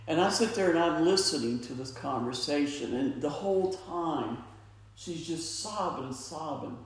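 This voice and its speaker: A man's voice: fairly high pitch, animated. A middle-aged man giving an earnest, heartfelt personal testimony at a suicide awareness event. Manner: earnest, slow, heartfelt storytelling. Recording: echoey hall, mic far off.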